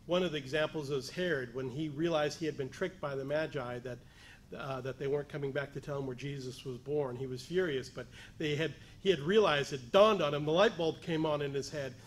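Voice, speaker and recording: A man preaching a sermon, building from measured explanation to emphatic, raised appeals. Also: fairly high pitch, slight background noise. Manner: rising to emphatic, raised voice on key points; pleading as he voices the lepers' cry.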